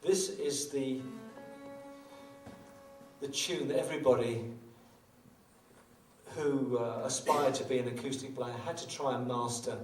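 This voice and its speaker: A man's voice: medium pitch, steady tone, unhurried, pauses often, darkish tone. An older man, a guitarist, chatting between tunes at a small live venue, self-mocking and rambling with joking asides. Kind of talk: between-song stage banter. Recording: roomy live venue, distant mic, guitar.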